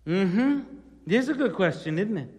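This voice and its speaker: A male pastor preaching a sermon, dropping to quiet asides and then climbing to loud, emphatic questions. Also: sits high, lively intonation, normal speed, big-room sound.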